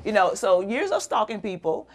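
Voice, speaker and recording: A woman's voice: mid-range voice, sing-song, normal speed. A middle-aged woman, a guest on an interview show, telling an emotional personal story and animatedly acting out the voices of people she quotes.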